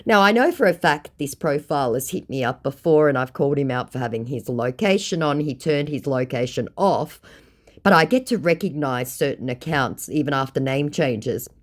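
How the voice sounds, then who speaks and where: A woman's voice: rumbling low, expressive, moderate pace. A woman narrating chat logs from her scam-baiting conversations in a sarcastic, mocking tone. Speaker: scambaiting video creator.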